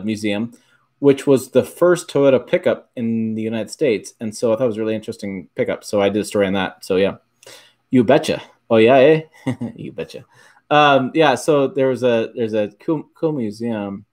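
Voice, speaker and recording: A man's voice: medium pitch, a little mellow. Middle-aged michigan guy hosting a livestream, rambly, keeps correcting himself, regular mid voice. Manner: rambling, self-correcting, chuckles often. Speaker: livestream host. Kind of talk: casual livestream chat answering viewers.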